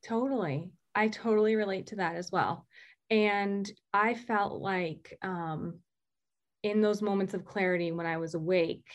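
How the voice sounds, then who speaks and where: Woman telling a halting personal story. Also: mid-range voice, lo-fi sound. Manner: halting, with many fillers and restarts. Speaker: guest sharing recovery story.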